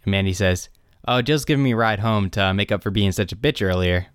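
Here a young co-host with a lowish voice speaks a little fast, recapping a TV episode in casual podcast chat. The studio-quality recording is clean with no room sound. He tells it with gusto, loudly voicing the characters' lines.

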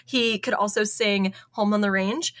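A woman's voice: mid-range voice, steady tone, a little slow. A woman co-hosting a podcast, chatting casually while presenting her research notes, often laughing and spelling out names.

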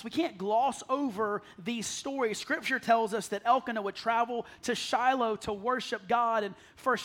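A man preaching a sermon to a congregation, telling stories with self-deprecating humor and acting out the voices he quotes, sometimes dropping to a soft plea. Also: very high-pitched. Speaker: pastor. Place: church sanctuary with congregation.

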